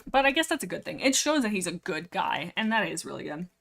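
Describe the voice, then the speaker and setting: A woman hosting a livestream in casual, rambling chat. She is excitable, laughs often and breaks off mid-sentence. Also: on the low side, quick pace, vocal fry. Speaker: livestream host. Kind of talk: casual chat about books with read-aloud passages.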